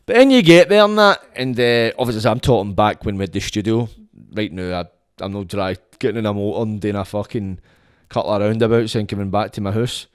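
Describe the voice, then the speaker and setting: A Scottish man talks loosely and swears freely, rambling between stories with lots of energy. His voice sits on the low side, recorded close and dry on a phone. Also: smooth, no echo. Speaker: podcast host. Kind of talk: casual monologue to camera.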